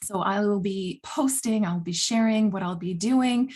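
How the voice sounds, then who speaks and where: A woman speaking as a holistic health coach in a casual, earnest vlog monologue, animated and blunt, often laughing between phrases. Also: medium pitch, measured pace. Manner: blunt, self-described swearer.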